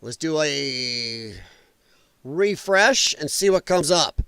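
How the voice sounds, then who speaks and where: A man's voice: a little high, animated, takes it slowly, fairly bright tone, clean tone, no room sound. A middle-aged man hosting a casual political livestream, rambling and joking while reading chat aloud. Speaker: livestream host.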